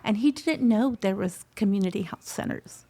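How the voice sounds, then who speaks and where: A woman's voice: mid-range voice, moderate pace, warm tone. A middle-aged woman telling her personal story in an interview, heartfelt, slipping Spanish phrases into her English. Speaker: scholarship recipient guest.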